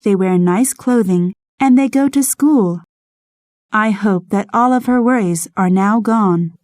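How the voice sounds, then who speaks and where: A woman voicing a gentle, grieving young woman, speaking softly and earnestly in an audiobook, recorded close to the mic. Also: mid-range voice, measured pace, no room sound, lightly acted. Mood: tender. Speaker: Charlotte. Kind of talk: audiobook dialogue reading.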